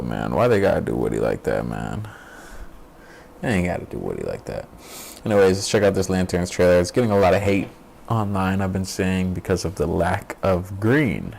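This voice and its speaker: Animated, gravelly-voiced male streamer. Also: low-pitched, slight background noise. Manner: profane, blunt and mocking; animated, laughs often. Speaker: streamer host. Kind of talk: casual reaction commentary.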